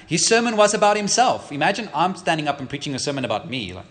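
A man's voice: a little high, quick pace, hardly any pauses. Guy preaching a sermon, voice all over the place, keeps asking "right?". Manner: animated, emphatic preaching with rhetorical questions. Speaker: pastor.

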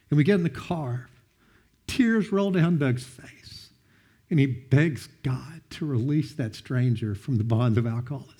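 A middle-aged man preaching a sermon, telling personal stories with an animated, storytelling delivery. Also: a little high, moderate pace, breathy edge. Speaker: pastor.

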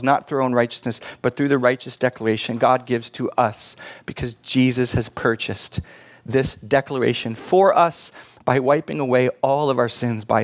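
A middle-aged man preaching a sermon in church, earnest and pleading, with casual asides to the congregation. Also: medium pitch. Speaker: pastor.

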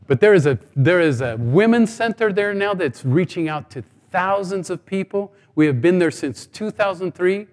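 A middle-aged guest speaker gives a sermon testimony, telling stories and humorously acting out the dialogue. His voice is high-pitched with lively intonation and a slightly slow pace, and a long hall reverb fills the recording.

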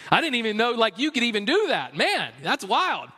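A man's voice: very high voice, wildly swooping pitch, moderate pace, pushed and bright, in a large hall, heavily acted. A man preaching a sermon voices God as a baffled, casual guy with playful, exaggerated surprise. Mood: bemused.

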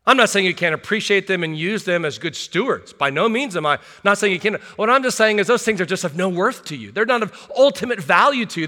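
A man's voice: sits high, a bit bright. A middle-aged man preaching a sermon as pastor, earnest and full of rhetorical questions with wry asides. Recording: long hall reverb.

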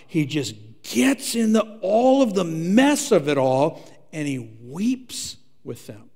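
A man preaching a sermon as pastor, earnest, repeating words and moving from loud emphasis to hushed tones. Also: high-pitched, sing-song, slow, in a large hall. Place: church sanctuary.

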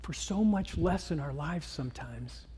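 A pastor delivers his sermon in an animated storytelling manner, throwing himself into each scene. His high-set, breathy voice carries a long reverb from the church sanctuary. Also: a little slow.

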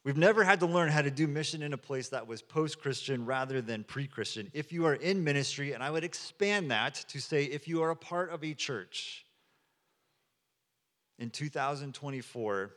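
A man's voice: a little high, lively intonation, normal speed, fairly bright tone. A man, a pastor, preaching a sermon in a conversational storytelling manner, acting out quotes as he goes. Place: church sanctuary. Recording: long hall reverb.

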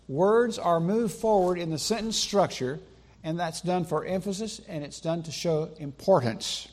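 Emphatic preaching man, slow pauses. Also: sits high, a little mellow. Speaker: pastor. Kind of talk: sermon. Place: church sanctuary.

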